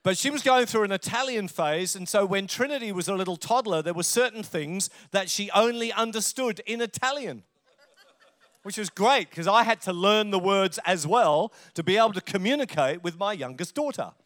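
Expressive and fairly bright, a high male voice moves at a moderate pace through a conversational sermon. The speaker is a middle-aged Australian pastor, a chatty storyteller who jokes along the way.

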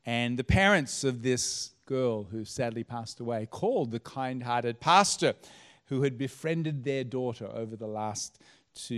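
A man, a pastor telling a story in a sermon, setting each scene with dramatic pauses. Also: medium pitch, a bit bright.

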